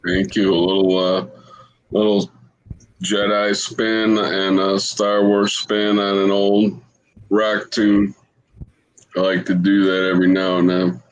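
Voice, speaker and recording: A man's voice: sits low, level tone, takes it slowly, dull audio. A man co-hosting a podcast in casual chat, talking hesitantly with many fillers. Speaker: podcast co-host.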